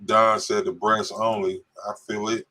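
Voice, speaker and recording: A man's voice: lowish voice, flat delivery, a little slow, sharp tone. A man co-hosting a casual podcast, reading viewer comments aloud and joking with a laugh. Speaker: podcast co-host reading live chat. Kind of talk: casual live-stream chat.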